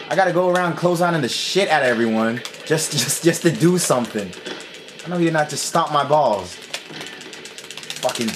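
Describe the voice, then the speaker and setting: Gamer man, casual let's-play talk, cursing in constant frustration, loud game music underneath. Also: fairly high pitch, animated, brisk. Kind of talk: casual gameplay commentary.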